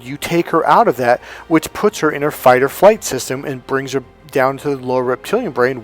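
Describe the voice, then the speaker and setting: Emphatic male dating coach, faint music. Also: medium pitch. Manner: emphatic, storytelling, acts out quotes. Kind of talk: coaching monologue with anecdotes.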